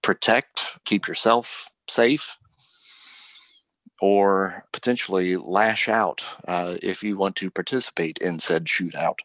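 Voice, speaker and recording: A man narrating as game master of a Western tabletop role-play, relaxed and matter-of-fact. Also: low voice, slow, no room sound.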